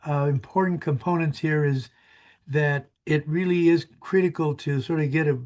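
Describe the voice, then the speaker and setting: A man's voice: a little high, steady tone, moderate pace, darkish tone. A man in his sixties, a small business advisor, giving a friendly, rambling webinar presentation with many fillers.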